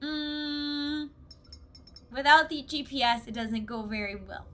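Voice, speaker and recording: A woman's voice: high-pitched, slow pace, pushed and bright. A woman chatting with viewers on a casual gaming live stream, bubbly and giggly, recorded on a desk mic at home.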